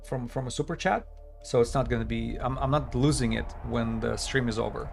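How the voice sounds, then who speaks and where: A man chatting through a live game stream, talking things through aloud with plenty of fillers and slightly non-native phrasing. His voice sits at an ordinary middle pitch and sounds worn from hours of talking. Faint music plays behind him. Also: brisk, gravelly, darkish tone. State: voice tiring after hours of talking. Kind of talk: casual live-stream commentary.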